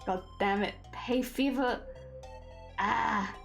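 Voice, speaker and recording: A woman's voice: fairly high pitch, slow pace, creaky, soft background music. A young woman streamer with a slightly congested voice, chatting casually as she talks herself through rigging work and greets viewers. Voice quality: coughing, a little congested. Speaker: streamer rigging a vtuber model. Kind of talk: casual live-stream talk while working.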